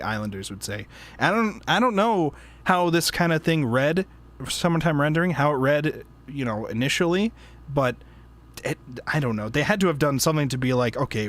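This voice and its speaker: A man hosting a casual book club chat, rambling with lots of fillers, laughing and breaking off mid-sentence. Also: medium pitch. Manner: rambling, laughing, frequent fillers and self-interruptions. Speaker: podcast host.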